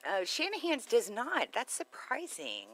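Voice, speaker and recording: A woman's voice: on the high side, wildly swooping pitch, unhurried, rough recording. A woman co-hosting a casual radio chat show, rambling, giggly and easily sidetracked. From Texas.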